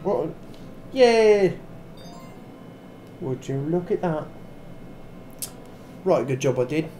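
A tipsy man hosting a VR gameplay video, talking in a put-on wandering British accent, with excitable exclamations and swearing at the game. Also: on the high side, very slow, soft background music. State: tipsy from drinking. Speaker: gaming channel host. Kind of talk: VR gameplay commentary.

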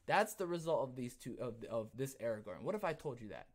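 A man hosting his own podcast, talking in a casual, rambling rant that swings between quiet asides and loud, emphatic bursts. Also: mid-range voice, big pitch swings, a little fast. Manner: repeats himself, rambling restarts. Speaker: podcast host. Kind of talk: casual ranting commentary.

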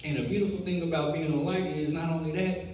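A young man preaching a sermon, telling a lively story before building to emphatic preaching. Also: a little high, fast talker. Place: church sanctuary. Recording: echoey hall, distant mic, faint noise.

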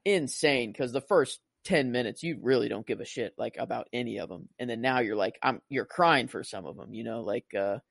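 A man's voice: medium pitch, fairly quick, gravelly, hardly any pauses, fairly bright tone, breathy edge, no echo. A man co-hosting a film podcast, rambling casually with lots of "like" and "you know". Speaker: podcast co-host.

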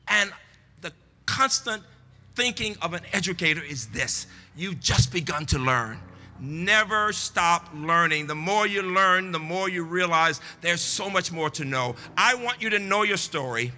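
A man in his sixties giving a commencement keynote, rhythmic and preacher-like, rising to shouted refrains. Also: high voice, normal speed, big-room sound. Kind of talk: commencement address. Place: large tent outdoors.

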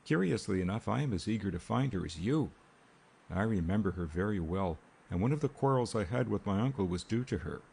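Brief: man voicing an easygoing young gent, low husky voice, breezy storybook read. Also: lively intonation, brisk, darkish tone, exaggerated voice.

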